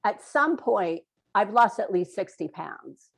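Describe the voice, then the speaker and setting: Woman co-host, lively storyteller, lots of pitch movement, laughs and acts out quotes. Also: slow pace, gravelly, slightly rough. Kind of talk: casual chat, storytelling.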